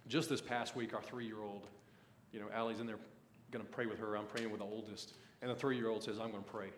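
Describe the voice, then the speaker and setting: A man's voice: fairly low pitch, level tone, fairly quick, slight background noise. Folksy man preaching in an echoey room. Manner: folksy, says "man" often, pulpit storytelling. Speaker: pastor. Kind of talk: sermon.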